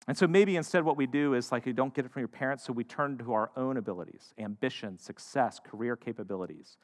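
A man preaching a sermon, shifting between loud emphatic lines and hushed, quiet ones. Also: mid-range voice, fast, few pauses. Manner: dynamic, swings from loud to hushed. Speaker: pastor. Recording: long hall reverb.

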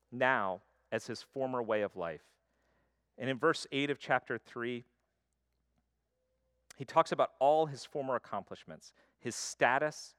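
A man preaching a sermon, swinging between loud emphasis and quiet, intimate stretches. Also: medium pitch, dry recording, clean studio sound. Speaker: pastor.

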